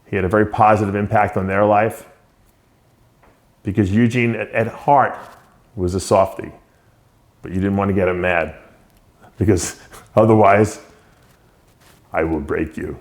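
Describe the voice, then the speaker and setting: Low-voiced man reminiscing in a tribute. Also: fairly even intonation, moderate pace, pauses often. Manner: reminiscing, unscripted, with frequent short laughs. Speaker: show host. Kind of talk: spoken tribute to a late friend.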